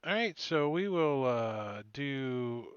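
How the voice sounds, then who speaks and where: A man's voice: mid-range voice, sing-song, slow pace, clear, resonant tone, dry recording. A man running an online tabletop game as game master, talking loosely and thinking aloud. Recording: dull, dry lo-fi mic.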